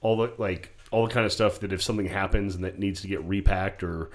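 A man's voice: low-pitched, steady tone, fast. A man chatting casually, blunt and profane, rambling through a story. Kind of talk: casual chat.

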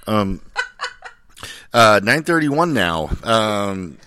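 A man's voice: low voice, expressive, moderate pace, a bit bright. A man hosting a podcast in casual chat, sardonic and profane, rambling with lots of fillers. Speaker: podcast host. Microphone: studio microphone.

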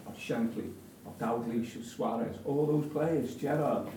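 A man's voice: medium pitch, unhurried, warm tone, slight background noise. A man guiding a stadium tour, telling it with dramatic, building storytelling. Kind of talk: guided tour talk. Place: indoor stadium corridors and tunnel. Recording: echoey halls, voice from a distance.

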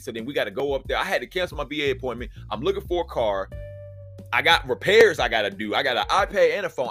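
A man's voice: mid-range voice, fairly bright tone. A man hosting a solo podcast, telling a story in a profane, exasperated rant. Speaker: podcast host.

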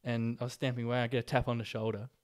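A man's voice: mid-range voice, little pitch movement, racing, no echo, clean studio sound. Laid-back Australian man telling stories. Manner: laid-back storytelling with slang. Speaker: podcast host. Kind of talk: casual chat.

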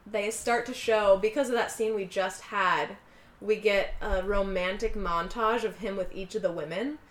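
A woman casually recapping a film, acting out the characters' lines in quick voices as she tells it. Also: medium pitch, roomy sound. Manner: animated retelling, acting out quotes in quick voices. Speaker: podcast co-host recapping a film. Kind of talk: casual chat.

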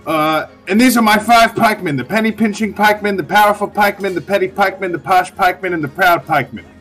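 A man's voice: high-pitched, quick pace, fairly bright tone, soft background music, pitched above the performer's own voice. A man voicing a boastful hairy half-beast captain of spearmen, proclaiming his titles. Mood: grandiose. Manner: grandiose, proclaiming.

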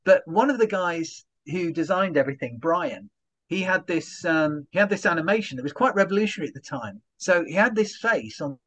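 Man, comedian guest, animated storytelling, fairly high voice. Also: a little fast. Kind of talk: conversational interview.

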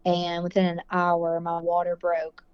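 A woman's voice: on the low side, monotone, unhurried, a little hiss or hum. A woman guest telling her birth story in casual conversation, emotional and rambling, with a lot of "like". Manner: emotional, rambling, heavy use of "like". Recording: dull lo-fi dry sound.

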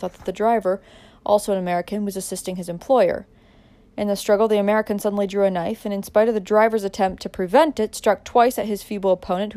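A woman narrating a dramatic audiobook in a measured way, pressing harder in tense moments. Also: mid-range voice, warm tone.

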